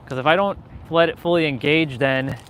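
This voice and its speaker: Walking to his car through a parking lot, a young Canadian live-streams a casual, rambling chat packed with fillers and restarts. The voice is fairly high and a bit bright at a normal speed, with slight background noise.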